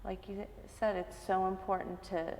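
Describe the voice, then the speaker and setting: A woman guest in a casual interview, earnest and animated when telling stories. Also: mid-range voice, normal speed, long reverb tail.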